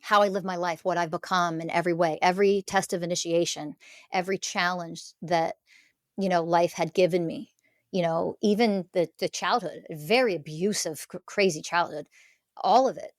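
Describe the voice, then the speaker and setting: A woman's voice: lowish voice, fairly even intonation, moderate pace, dry recording, clean studio sound. A middle-aged woman speaking earnestly as a podcast guest, making emphatic declarations about her spiritual teaching. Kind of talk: conversational interview.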